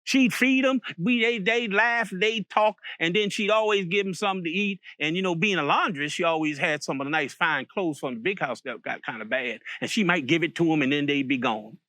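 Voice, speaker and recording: A man's voice: a little high, fairly quick, few pauses, sharp tone, no room sound. A man from Virginia telling a folk story aloud, in a folksy way with many repeated words and restarts. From Virginia, USA.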